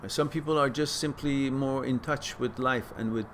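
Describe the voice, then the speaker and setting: Guy answering viewer questions live, animated, repeats himself, faint noise behind. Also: moderate pace. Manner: animated, repeats words, rises in pitch to stress points. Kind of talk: casual spoken advice talk.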